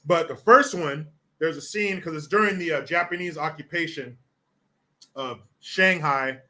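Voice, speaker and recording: A man's voice: on the high side, measured pace, bright, forceful tone. A male host giving casual commentary on viewer comments, blunt, profane and rambling.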